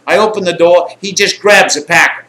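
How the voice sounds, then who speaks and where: Brief: a coarse, rambling male storyteller with a sharp bright voice, recorded in a roomy space. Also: sits high, fairly quick. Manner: rambling, coarse, animated quotes. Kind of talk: profane anecdotal storytelling. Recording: echoey room, faint ambience.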